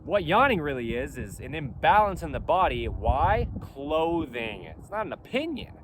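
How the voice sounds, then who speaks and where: A company founder with a slightly high, sing-song voice talks at normal speed in a casual outdoor vlog. He speaks emphatically and insistently, repeating his points, with faint wind and traffic in the background.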